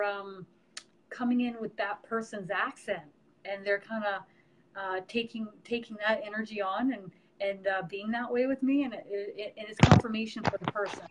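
Over a noisy background, a middle-aged medium hosts a casual live stream, talking about her work in a chatty, warm, teaching style full of fillers. Her voice is medium in pitch.

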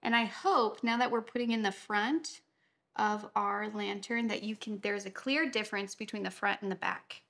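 A woman's voice: medium pitch, moderate pace, vocal fry, fairly bright tone. A woman, teaching a watercolor painting tutorial in her home studio and chatting casually as she works. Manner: chatty, easily distracted while painting. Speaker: watercolor instructor.

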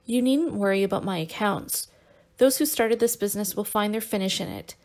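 A woman's voice: mid-range voice, a little fast, a little mellow, natural voice. A woman voicing an impulsive young man who is emotional and imploring, in an audiobook. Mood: indignant.

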